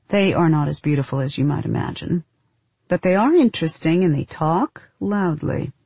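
A woman narrating a first-person story in a measured, intimate, deadpan way. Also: low-pitched, breathy edge, no room sound.

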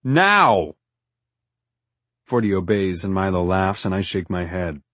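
A man's voice: sits low, little pitch movement, moderate pace, darkish tone, dry recording. A man reading a first-person story aloud in a wry, dry storytelling manner. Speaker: audiobook narrator. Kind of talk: scripted first-person narration.

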